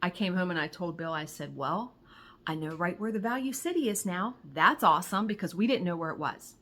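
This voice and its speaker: A middle-aged woman vlogger casually telling a story to her viewers, acting out conversations and swearing when excited. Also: lowish voice, fairly quick. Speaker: crafting vlogger.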